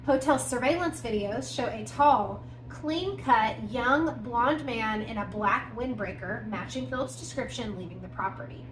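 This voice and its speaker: A podcast co-host with a somewhat high, slightly bright voice recounts a true-crime case as if chatting with a friend, at a measured pace with few pauses. She keeps slipping in pointed asides and fillers. Her voice echoes around the room over faint background noise.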